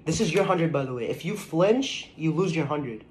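A man's voice: on the high side, expressive, slight background noise. A man teasingly setting up a dare, laughing as he talks. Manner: teasing, laughing, slow and drawn out. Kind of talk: casual filmed challenge.

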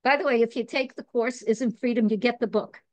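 A woman's voice: on the high side, fairly even intonation, a little fast, darkish tone, no room sound. A woman from New York, a podcast guest, talking in a chatty, digressive way, laughing at herself and earnest about spiritual growth. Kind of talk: casual chat.

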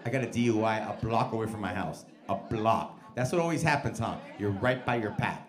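A man doing a stand-up set in a comedy club, telling stories loudly and profanely with lots of crowd work and put-on voices. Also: lowish voice, fairly quick. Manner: loud, profane, animated storytelling with put-on voices. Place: comedy club stage with live audience. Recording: live club recording with crowd noise.

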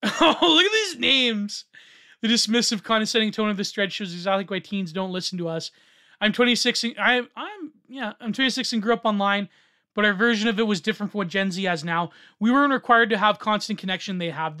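An excitable man reads a social media thread aloud and reacts as he goes, with a bright, sharp voice. He drops to a mutter, then bursts into shouting, and laughs often between lines. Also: sits high, clear, resonant tone. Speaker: online commentator.

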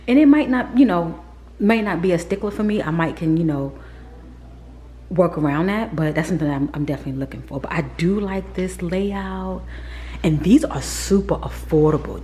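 A woman's voice: low voice, mellow, a little hiss or hum. A woman chatting candidly and casually as she tours a model townhouse for her vlog, often dropping into a whisper. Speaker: vlogger. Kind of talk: casual chat while touring a model home.

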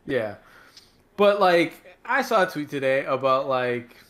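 Higher-voiced man chatting casually. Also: slow pace. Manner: rambling, animated storyteller. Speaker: podcast co-host. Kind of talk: casual chat.

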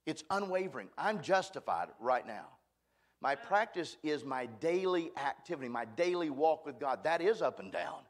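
A man preaching in a church, his voice sitting a little high. He speaks in a folksy, emphatic way and pokes fun at himself. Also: sing-song, moderate pace. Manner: folksy, emphatic, self-deprecating. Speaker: guest preacher. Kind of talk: sermon.

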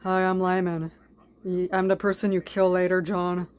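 A woman's voice: lowish voice, level tone, moderate pace, a little mellow, natural voice. A woman voicing an offhand adult man from a cartoon, speaking in a profane, matter-of-fact way in her own voice. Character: easygoing adult man, a cartoon dog owner.

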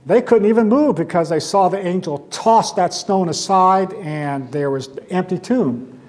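Man, Sunday school teacher, slightly high voice, conversational, rhetorical questions, emphatic scripture quotes. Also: unhurried, a little mellow. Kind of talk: Bible class teaching.

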